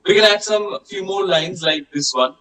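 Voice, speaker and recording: Male teacher, bright, slightly high voice, online class, patient drills. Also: slight background noise, poor audio. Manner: patient, repeats words slowly for pronunciation. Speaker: French language teacher.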